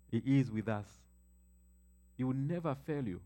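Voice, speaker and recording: A man preaching a sermon as pastor, building emphasis and slowing down to read scripture aloud. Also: lowish voice, warm tone.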